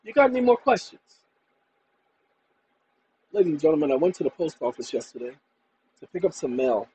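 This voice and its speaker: A man's voice: on the high side, sing-song, brisk, dark tone, slight background noise, rough recording. A man hosting his own channel, talking to viewers in an emphatic, combative, colloquial monologue. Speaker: channel host.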